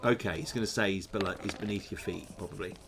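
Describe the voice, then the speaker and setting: A man with a low voice hosts a gamebook session, reading aloud quickly and breaking off into musing, chatty asides. There is slight background noise.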